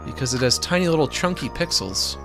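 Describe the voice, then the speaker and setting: A man's voice: medium pitch, expressive, a little fast, over music. A young man giving casual, joking commentary while streaming a video game, rambling and looping silly bits. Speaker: let's-play streamer.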